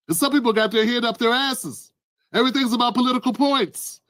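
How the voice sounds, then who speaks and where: A man hosting a news commentary show, talking in a heated, preachy way and rising to shouts. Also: very high-pitched, brisk, dry recording, studio quality.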